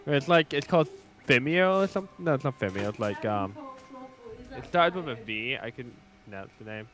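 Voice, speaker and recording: A man's voice: medium pitch, animated, fairly quick, a bit bright, rough recording. Blunt joking man chatting over a game. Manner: joking, blunt, swears offhandedly. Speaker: co-op streamer. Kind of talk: casual gaming chat.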